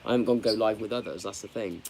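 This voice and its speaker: Man, casual live stream chat, rambling, halting, candid. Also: lowish voice, darkish tone, slight background noise.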